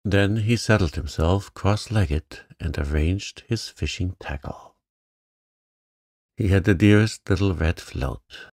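A man gently reading a children's story aloud as a calm sleep story for adults. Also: low voice, slow pace, dry recording, clean studio sound.

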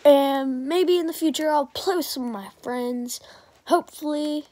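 A young woman chatting over her gameplay in a loose, rambling way, often stopping to remind viewers to like and subscribe. Her voice sits a little high. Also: unhurried, dark tone, no room sound. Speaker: gaming channel creator. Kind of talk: casual gameplay commentary.

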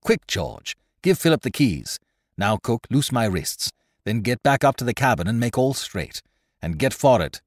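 A man voicing a cool, commanding male pirate captain in a storybook reading, giving brisk orders. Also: medium pitch, sing-song, husky, no room sound, studio quality.

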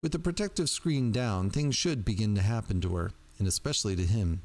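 A man reading aloud, voicing a grim red-haired woman who talks calmly and gruffly. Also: fairly low pitch, brisk, natural voice. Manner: gruff whisper, calm.

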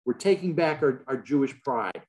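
A man's voice: mid-range voice, animated, moderate pace, a little mellow. Wry man giving a lecture. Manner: wry, joking storyteller. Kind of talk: illustrated public lecture. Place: large hall.

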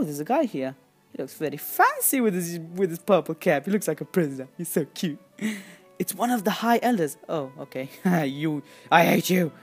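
Excitable woman giving lively game commentary. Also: lowish voice. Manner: excitable, chatty, quick to squeal and exclaim. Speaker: gaming channel host.

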